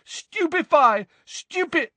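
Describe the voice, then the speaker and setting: A man voicing a brave, desperate teenage boy who shouts in strained, frantic bursts. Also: very high voice, animated, takes it slowly, no room sound, voice pushed up, heavily acted. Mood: desperate shouting.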